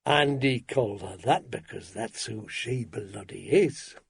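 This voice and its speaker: A man voicing a crude, gloating middle-aged client, speaking low and slow. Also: lively intonation, creaky, slightly rough, full character voice.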